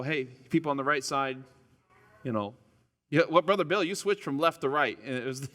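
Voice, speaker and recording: A male pastor talks to his congregation in a loose, joking way, tripping over his words and starting over. His voice is bright and a little high. It rings with the long reverb of a church hall. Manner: chatty and self-deprecating, stumbles and restarts. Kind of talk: casual, joking sermon opening. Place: church sanctuary.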